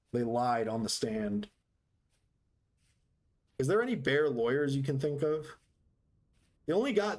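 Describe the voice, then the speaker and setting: A man streaming a game live, chatting casually with his viewers in a joking, sarcastic, rambling way. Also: medium pitch. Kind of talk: casual live-stream chat while gaming.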